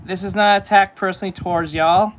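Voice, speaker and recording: A woman from New York reacting to videos with loud, blunt, profane exclamations. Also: mid-range voice, fairly even intonation, fast, slight background noise. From United States, New York. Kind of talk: reaction commentary.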